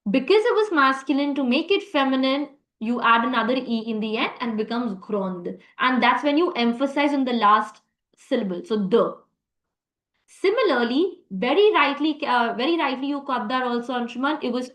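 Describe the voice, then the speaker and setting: A woman's voice: high voice, lively intonation, moderate pace, a bit bright, roomy sound, low-quality recording. A woman teaching a live online French class, encouraging students and praising them often. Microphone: video call.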